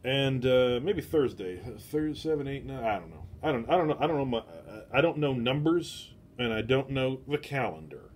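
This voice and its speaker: A man's voice: medium pitch, animated, normal speed, hardly any pauses, a little mellow, slight background noise. A man hosting an online book club from home, talking in a meandering, self-deprecating way into a phone. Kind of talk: rambling casual livestream talk.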